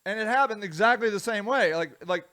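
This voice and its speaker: An American man from the United States hosting a casual solo commentary vlog, rambling and self-deprecating, with a voice that swings widely in loudness. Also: high voice, fairly quick. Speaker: vlogger, show host.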